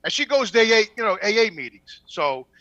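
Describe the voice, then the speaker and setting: A man on a casual podcast telling a profane, animated story and acting out the quoted dialogue. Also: high voice, a little fast, highs cut off.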